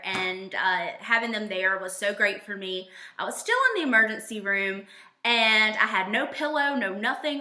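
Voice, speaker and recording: A young woman telling a personal story in a casual, animated way, acting out the quoted lines. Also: roomy sound. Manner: animated, voices quotes with big jumps in pitch.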